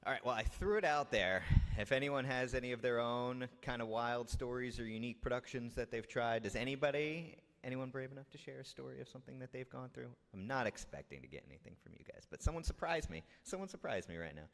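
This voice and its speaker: A man moderating a panel discussion, quick and upbeat with short responses. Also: mid-range voice, creaky, a bit bright. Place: conference hall. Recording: echoey conference hall.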